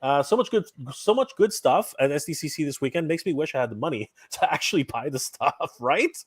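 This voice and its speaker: A man from Canada hosts a live stream, greeting viewers one by one with upbeat shout-outs. His fairly high voice jumps around a lot in pitch. The sound is dry and close. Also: expressive, fairly quick, husky, no room sound. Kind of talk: casual live-stream chat, reading viewer comments.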